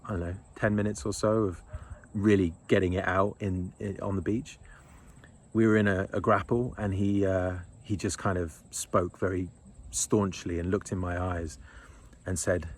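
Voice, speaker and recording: A deep-voiced man in his thirties leads a men's retreat with a casual, blunt, rambling monologue. His intonation stays fairly even and his pace moderate as he swears freely and chuckles between thoughts.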